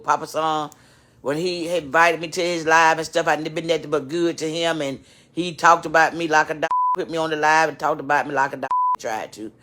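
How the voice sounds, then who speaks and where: A woman, tearful, talking straight to her viewers in an emotional, repetitive, preachy rant. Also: sits low. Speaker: vlogger addressing her channel. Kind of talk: emotional live-stream rant.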